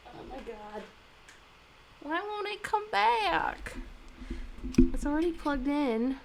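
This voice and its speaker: Young woman w a high voice, slow drawly talk, cursing + whining at her gear, bit of faint hiss behind. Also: sing-song, vocal fry, rough recording. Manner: chatty, swears freely, dramatic complaints. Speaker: vlogger. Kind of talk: casual solo vlog with singing.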